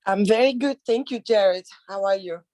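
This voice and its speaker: Mellow, polite woman on a call. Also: medium pitch, moderate pace, dry recording. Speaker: real estate agent on a coaching call. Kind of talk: casual group call.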